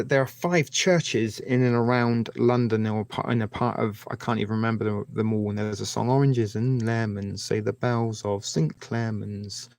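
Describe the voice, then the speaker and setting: Gravelly-voiced man rambling on a live stream. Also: mid-range voice, darkish tone, no echo. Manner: rambling, chatty, addresses viewers by name. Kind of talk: casual live-stream chat.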